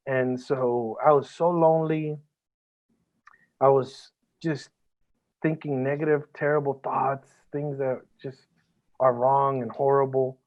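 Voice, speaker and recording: A man's voice: mid-range voice, fairly even intonation, slow. A man as a podcast guest, talking earnestly and emotionally, swearing a lot and often restarting his sentences. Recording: band-limited phone-like audio.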